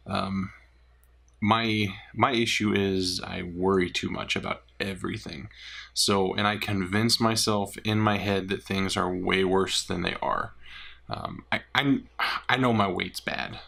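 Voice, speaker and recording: A man giving a personal weight-loss update, talking candidly and haltingly with many pauses and fillers. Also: lowish voice, vocal fry, a bit bright. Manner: candid, rambling, hesitant with many ums. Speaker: vlogger.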